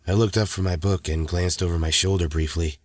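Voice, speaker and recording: A man calmly narrating a first-person horror story in a steady voice. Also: deep voice, a little fast, no room sound.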